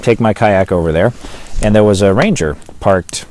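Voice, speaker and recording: A man's voice: fairly low pitch, moderate pace, a little mellow. A man with a Pacific Northwest American accent telling a story in an interview, rambling and hesitant, with many fillers and restarts. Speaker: pastor and witness.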